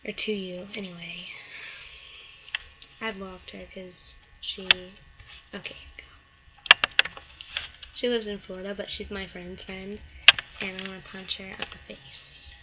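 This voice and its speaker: A woman's voice: level tone, slow pace, long pauses, heavy background noise. A teenage girl telling a story to her camera in a casual chat, full of fillers like "like" and "um", acting out the other girl's lines. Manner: chatty, lots of "like" and "um", acts out the other girl in a snippy higher voice. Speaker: vlogger.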